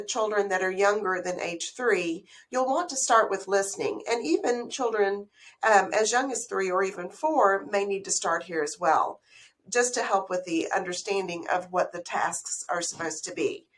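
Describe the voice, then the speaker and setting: A woman who teaches literacy gives a recorded slideshow lesson on early reading, explaining patiently and posing questions to the listener. Her voice is mid-range and her pace moderate.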